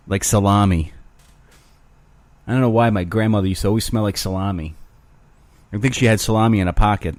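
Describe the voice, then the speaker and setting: A man's voice: low-pitched, a little mellow, no room sound. A man hosting his own show alone, rambling crudely with self-mocking humor. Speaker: podcast host. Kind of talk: casual solo rambling.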